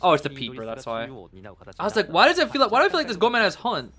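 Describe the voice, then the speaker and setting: A young man giving casual live commentary on a tournament match as a streamer, excitable, cheering players and answering chat. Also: high voice, rapid-fire.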